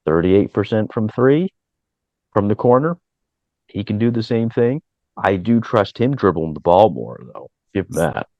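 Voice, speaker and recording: A man who coaches, breaking down basketball lineups in a measured, matter-of-fact way on a podcast. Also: lowish voice, big pitch swings, dry recording. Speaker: co-host, coach. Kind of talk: casual sports analysis. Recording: dull, dry sound.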